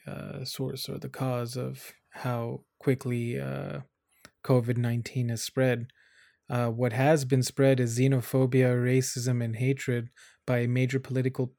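A man's voice: mid-range voice, mellow, no echo, studio quality. A young man giving blunt, angry commentary to camera, swearing often. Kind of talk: casual vlog commentary.

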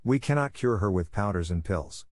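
A man voicing a kind, calm middle-aged doctor who speaks gently and reassuringly. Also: lowish voice, normal speed, no room sound, studio quality. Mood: serious.

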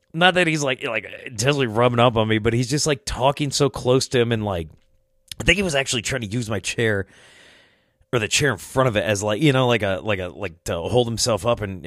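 A man's voice: medium pitch, a bit bright, no echo, studio quality. A man hosting a podcast, rambling through a casual story, swearing a lot and laughing as he talks. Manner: rambling, swears often, laughs mid-sentence. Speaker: podcast host.

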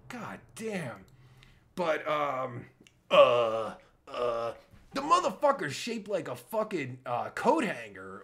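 A man's voice: mid-range voice, creaky, sharp tone. A man live-streaming from his phone, delivering a crude, exasperated comedic rant full of profanity.

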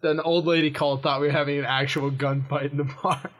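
A young man co-hosting a podcast, telling stories in casual chat with friends, animated and laughing often. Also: on the high side, quick pace. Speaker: podcast co-host.

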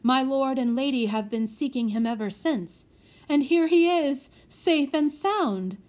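A woman's voice: sits high, unhurried, a little mellow, pitched above the performer's own voice. A woman voicing an old male butler who is sentimental, long-winded and old-fashioned in his speech. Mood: fond. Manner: old-fashioned phrasing, teary.

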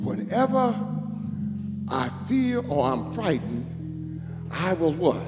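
A man preaching a sermon as bishop, calling to the congregation and rising into sung shouts. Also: a little high, sing-song, moderate pace. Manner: call-and-response preaching, building to sung shouts. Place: church sanctuary. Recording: echoey church hall with music.

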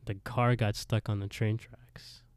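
A man's voice: lowish voice, measured pace, clean tone, no room sound, studio quality. A man co-hosting a podcast, casually retelling a TV episode with lots of swearing and laughter. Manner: animated storyteller, swears, laughs often. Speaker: podcast co-host.

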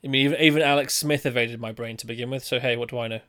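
Fast-talking bright man. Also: mid-range voice, fairly even intonation, no echo, clean studio sound. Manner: quick-talking, agreeable, laughs easily. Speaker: podcast co-host. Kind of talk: casual sports chat.

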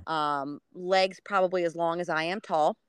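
A woman co-hosting a podcast tells a story in casual conversation, swearing freely and putting on a high voice to act out quotes. Her tone is steady and smooth, her speed normal, with no echo in the recording.

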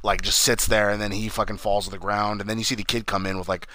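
A man's voice: lowish voice, flat delivery, fast talker, pushed and bright, dry recording. A young man on a podcast, casually recapping a horror film in a rambling way, swearing often and acting out lines from the movie. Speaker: podcast co-host.

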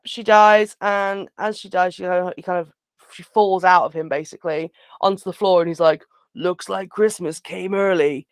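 Smooth-voiced woman recapping a film. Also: on the low side, no room sound. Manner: chatty, frank, sarcastic about the film. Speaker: podcast co-host. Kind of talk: casual film recap chat.

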